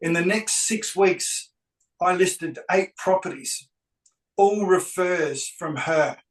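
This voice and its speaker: A man's voice: high voice, slow, far from the mic. Man telling a story, echoey room. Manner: animated, acts out both sides of dialogue. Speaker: real estate agent telling a story. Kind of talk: anecdotal storytelling.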